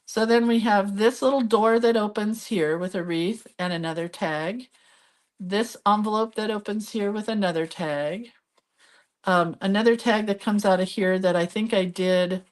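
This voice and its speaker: A woman's voice: mid-range voice, normal speed. A middle-aged woman hosting a live crafting video, chatting casually as she shows her pages and reads viewer comments aloud.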